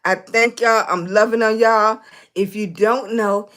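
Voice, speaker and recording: Slow-talking hoarse woman livestreaming. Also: mid-range voice, steady tone, fairly bright tone. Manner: affectionate, calls viewers baby and sweetie. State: hoarse with a cough, clearing her throat. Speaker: livestream host. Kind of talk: casual livestream chat to viewers.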